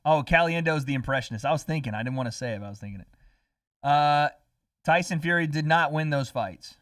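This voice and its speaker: A man's voice: a little high, lively intonation, fairly bright tone, dry recording. A man hosting a casual livestream, joking and swearing while chatting with his viewers. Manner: joking, profane, quick asides to chat. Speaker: livestream host. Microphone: streaming microphone.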